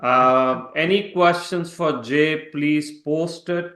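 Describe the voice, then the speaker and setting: A man hosting an online webinar, relaxing and halting as he moderates audience questions. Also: on the high side, a bit bright. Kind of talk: casual online Q&A. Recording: echoey room.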